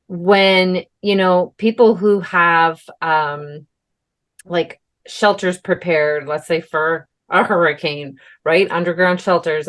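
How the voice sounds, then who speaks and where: Young adult woman, podcast co-host; lower pitch, casual rambling storyteller. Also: fairly bright tone. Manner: chatty storytelling with many fillers and swearing. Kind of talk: casual chat.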